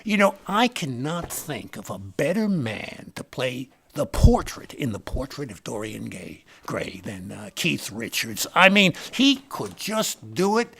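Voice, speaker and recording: A man's voice: medium pitch, big pitch swings, measured pace, creaky, few pauses, a bit bright, husky, heavily acted. An actor playing a boastful male Republican party insider in a satirical comedy rant, rambling and name-dropping toward each punchline. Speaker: comic character monologue.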